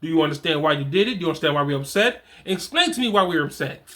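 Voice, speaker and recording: A middle-aged man hosts a casual talk on fatherhood and reads from his own program. He is animated and conversational and often repeats or restarts his words. His voice sits high and sounds bright and forceful. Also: very fast. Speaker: fatherhood coach and host.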